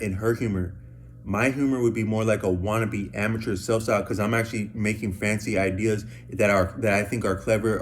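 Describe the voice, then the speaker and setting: A man's voice: fairly low pitch, slight background noise. A man telling a rambling story to the camera, stammering and repeating words in casual slang. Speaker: vlogger.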